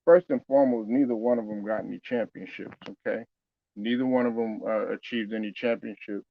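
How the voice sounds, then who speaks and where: A man's voice: fairly low pitch, flat delivery, fairly quick, creaky, phone-quality sound. A man talking casually about basketball, loose and conversational, with many fillers and restarts. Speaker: sports commentator. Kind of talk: casual basketball opinion talk.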